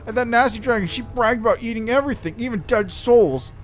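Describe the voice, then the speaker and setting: A man's voice: very high-pitched, fairly quick, faint music behind, pitched above the performer's own voice. A man voicing a petulant, spoiled female demon queen who whines and pouts like a child. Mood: sulky. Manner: whiny, pouting, childish.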